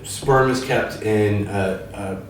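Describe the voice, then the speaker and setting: A man's voice: on the low side, very slow, slight background noise. A man telling rambling anecdotes in casual chat. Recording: distant mic in a very echoey room.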